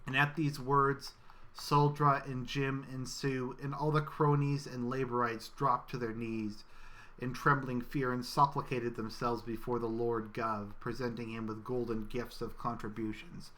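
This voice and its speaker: A man giving a scripted satirical reading in a solemn, mock-biblical cadence with deadpan asides. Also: medium pitch, unhurried. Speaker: satirical reader.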